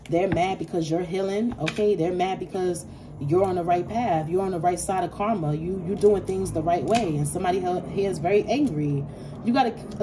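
A woman's voice: lowish voice, warm tone, a little hiss or hum. A woman giving a casual tarot reading, blunt and sassy, swearing freely and laughing often. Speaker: tarot reader.

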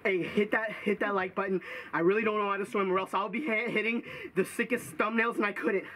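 A man's voice: high-pitched, steady tone, a little fast. A man on a fishing boat outdoors, talking casually in a panicky, pleading way and repeating himself, recorded by a camera on the boat. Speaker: fishing trip companion. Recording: loud wind and water noise outdoors.

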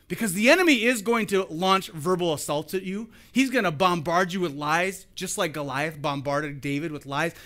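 A male pastor giving a sermon, acting out the story and swinging between loud and soft. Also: high voice. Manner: animated, acts out the scenes with shifting volume.

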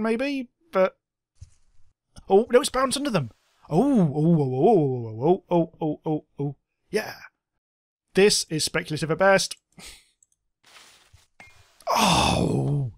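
A man giving casual let's-play commentary, excitable, swearing a lot and making silly sound effects. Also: on the high side, no echo, clean studio sound. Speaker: gameplay commentator.

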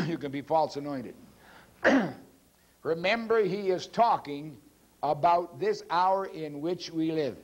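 A male preacher with a fairly high voice delivers a teaching sermon from the pulpit. He pushes his points hard, swinging his pitch up and down. He clears his throat now and then between phrases. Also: expressive, takes it slowly. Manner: forceful, emphatic preaching with big swings in pitch. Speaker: pastor. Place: church pulpit.

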